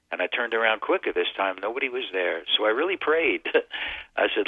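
A man's voice: lowish voice, sing-song, brisk, dry recording. A man from Connecticut calling in to a radio show, telling his personal testimony in an earnest storytelling way. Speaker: radio guest. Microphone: phone line. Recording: tinny phone line, dry.

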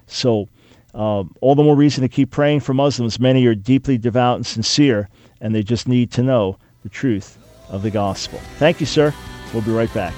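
A man's voice: mid-range voice, moderate pace, mellow, soft background music. A man hosting a live talk radio show, speaking with an earnest, emphatic, preacher-like cadence. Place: radio studio. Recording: dry studio mic.

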